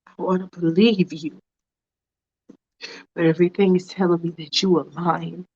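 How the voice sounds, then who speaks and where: A woman's voice: on the low side, little pitch movement, moderate pace, darkish tone, breathy edge, no room sound. A woman doing a cold, suspicious husband. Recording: dull lo-fi recording.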